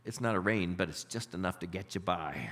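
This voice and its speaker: A man preaching a sermon, telling a story and acting out its characters with lively expression. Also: deep voice, fairly quick. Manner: animated, voices characters in stories. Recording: reverberant hall.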